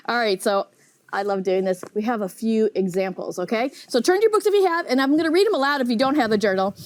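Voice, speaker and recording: Lively high-voiced woman teaching kids. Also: no echo. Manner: animated, asks kids frequent questions. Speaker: children's ministry teacher. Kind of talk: teaching a children's Bible lesson.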